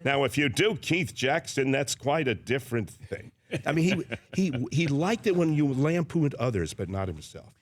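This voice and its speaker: A man in his sixties, a guest on a sports radio show, telling animated stories and slipping into impressions. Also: mid-range voice, moderate pace. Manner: animated storyteller who slips into impressions. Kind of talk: casual studio radio chat.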